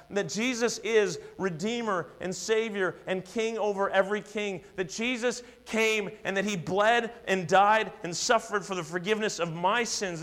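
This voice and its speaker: A man's voice: sits high, fairly bright tone. A male pastor preaching a sermon, earnest and emphatic, building repeated declarations.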